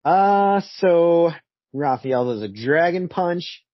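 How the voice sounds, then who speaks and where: A man's voice: a little high, expressive, takes it slowly, dry recording, highs cut off. A man co-hosting a casual comic book review show, joking and chuckling as he comments on the story. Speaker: podcast co-host.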